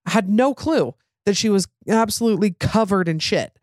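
A woman's voice: medium pitch, lively intonation, moderate pace, a little mellow, no room sound, clean studio sound. Candid young woman chatting, lots of fillers. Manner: rambling, filler-heavy, frank with swearing. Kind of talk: casual candid chat.

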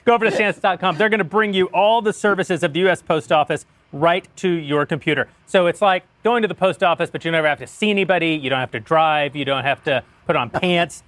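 A man's voice: a little high, fast, few pauses, a bit bright, no echo. A man hosting a political podcast, reading a sponsor ad with wry jokes and frequent chuckles. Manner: wry, joking, chuckles often. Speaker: show host reading an ad. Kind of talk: casual podcast banter.

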